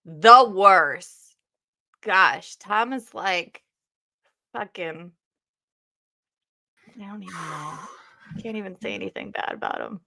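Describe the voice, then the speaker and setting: A woman's voice: medium pitch, slow pace, vocal fry, pauses often, pushed and bright. A woman co-hosting a casual livestream, chatty, laughing and swearing easily. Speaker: co-host of a livestream.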